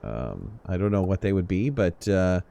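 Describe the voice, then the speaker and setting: A man's voice: low voice, big pitch swings, normal speed, creaky, dark tone, a little hiss or hum. A young man hosting a casual multiplayer game stream, joking and laughing often with his teammates. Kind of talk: casual gaming chat.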